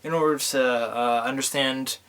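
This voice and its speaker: A man's voice: medium pitch, fairly even intonation, unhurried, a bit bright, clear, resonant tone. Rambling, tipsy young man. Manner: rambling, crude, loose and meandering. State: tipsy from drinking. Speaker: vlogger. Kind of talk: profane casual movie recap.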